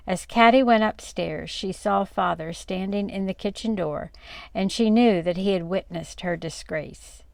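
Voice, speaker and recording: Older grandmother reader, gravelly voice, dry close sound, expressive storybook delivery. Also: unhurried, no echo. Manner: expressive, dropping low and soft on narration tags. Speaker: grandmother reading aloud. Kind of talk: storybook read-aloud.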